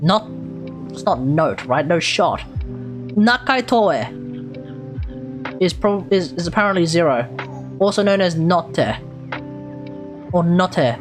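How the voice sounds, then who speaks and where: A woman's voice: fairly low pitch, expressive, takes it slowly, pauses often, music in the background. An Australian woman live streaming, thinking aloud as she sounds out and repeats unfamiliar foreign words. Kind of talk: casual live-stream chat.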